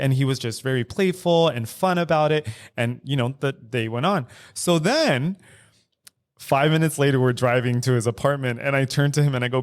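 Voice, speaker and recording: A man's voice: medium pitch, brisk. A man in easy podcast conversation, telling a frank story about his own life. He acts out the people he quotes, fills his lines with "like" and swears freely. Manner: animated storyteller acting out quoted dialogue, frequent "like" and swearing. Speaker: podcast co-host. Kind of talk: candid casual chat. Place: studio recording.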